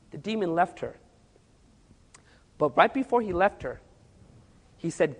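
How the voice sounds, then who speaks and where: A male preacher telling a story in a sermon, animated and acting out the quoted speech. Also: sits high, unhurried, long pauses. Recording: long hall reverb.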